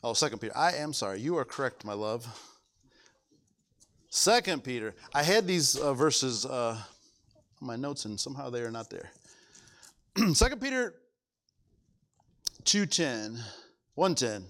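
Male pastor, emphatic sermon delivery, lively swooping pitch. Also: a little slow, pauses often. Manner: emphatic, animated preaching with rhetorical questions.

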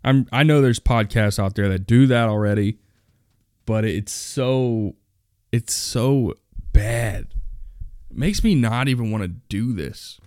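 A young man hosts his own podcast in a blunt, foul-mouthed rant. He talks slowly and without hurry, and his voice sits dry and close with no room sound around it. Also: medium pitch, darkish tone, smooth, no echo. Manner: blunt, profane, complaining. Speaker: podcast host.

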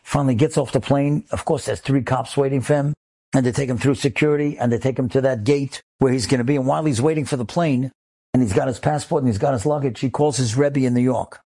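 Speaking quickly in a warm, mid-range voice, a rabbi shares an inspirational story. His telling is full of emotion and grows steadily more intense.

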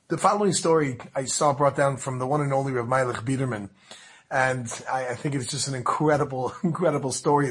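A man casually telling a religious story in a lively way, full of restarts and asides. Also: medium pitch, breathy edge.

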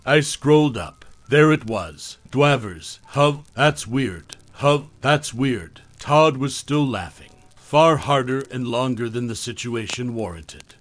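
A man narrating a first-person horror story for a podcast in a calm, even storytelling manner. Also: medium pitch, measured pace, few pauses, no echo.

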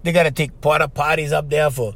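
Speaking fast in a steady, fairly bright voice on the high side, this podcast host is a middle-aged Hawaiian man with Pidgin-tinged English. He rambles through stories on his casual solo show, tossing in "bro" and "right?" along the way.

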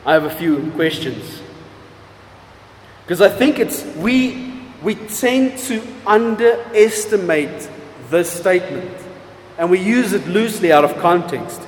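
High-voiced man preaching in an echoey hall. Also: expressive, a little hiss or hum. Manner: emphatic preaching with wide swings in loudness and pace, drawn-out key words. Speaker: pastor. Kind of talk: sermon. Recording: echoey hall with long reverb.

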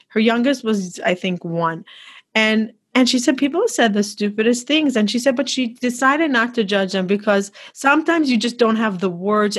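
A woman's voice: on the high side, fairly bright tone. A woman hosting an interview, chatty and effusive, often restarting her sentences. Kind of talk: conversational interview.

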